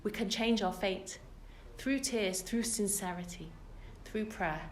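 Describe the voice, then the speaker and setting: A woman's voice: medium pitch, takes it slowly, a little hiss or hum. A British woman giving a women's Torah class, telling the story earnestly and with emphasis to a live group. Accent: British English. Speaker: religious teacher. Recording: echoey room.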